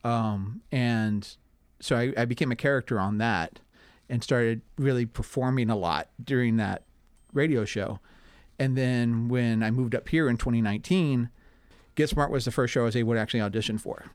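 A man in community theater talks through his story in a relaxed, thoughtful way. His voice sits at a middle pitch, and the recording is dry and close. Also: moderate pace, clear, resonant tone, no room sound. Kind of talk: casual interview.

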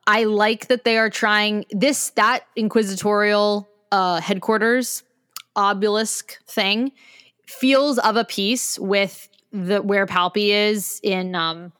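A woman's voice: mid-range voice, steady tone, slow pace, fairly bright tone, clear, resonant tone, no echo. Chatty woman podcast co-host, dry sound. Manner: chatty, strings thoughts together with "like". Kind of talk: casual chat.

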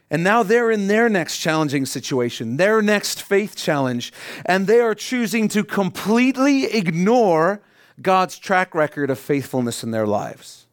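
A middle-aged man preaching a sermon as pastor, rising to emphatic peaks and dropping to quiet asides. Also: high voice, dry recording, studio quality.

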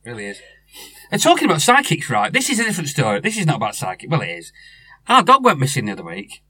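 A man's voice: on the high side, wildly swooping pitch, quick pace, pushed and bright, slightly rough, no echo. A middle-aged man, telling a rambling story in casual chat, with many restarts. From North West England.

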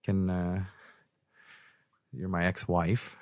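A man's voice: low voice, flat delivery, very slow, darkish tone, no echo, studio quality. A young man hosting a podcast in casual chat, rambling and joking, laughing often. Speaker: podcast host. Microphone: studio microphone.

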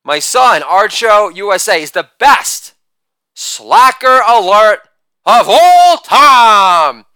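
A man in his forties doing stand-up one-liners from home, punctuating each joke with a shouted catchphrase. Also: high voice, big pitch swings, takes it slowly, smooth, no room sound. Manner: punchy joke delivery with a shouted catchphrase after each bit. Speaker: stand-up comedian.

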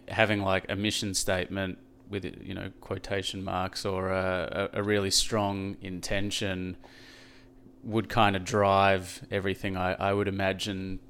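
A man's voice: low voice, fairly bright tone, a little hiss or hum. A man interviewing a guest, asking long, hesitant questions full of fillers. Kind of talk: casual interview conversation.

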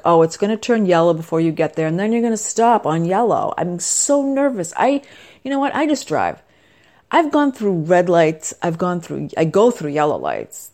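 A woman's voice: lowish voice, darkish tone. A middle-aged woman talking to camera in a casual, rambling monologue, chatty and self-deprecating with wandering asides. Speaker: vlogger.

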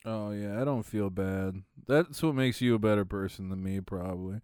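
A young man co-hosting a casual chat, laughing often while telling quick stories. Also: on the low side, darkish tone, clear, resonant tone, dry recording, clean studio sound. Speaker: podcast co-host.

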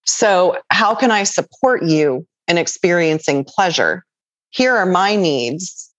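A woman's voice: fairly low pitch, expressive, slow pace, dry recording. A woman guest on a podcast conversation, explaining in an earnest, patient way. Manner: earnest, explanatory, acts out quoted voices. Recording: dull, dry lo-fi audio.

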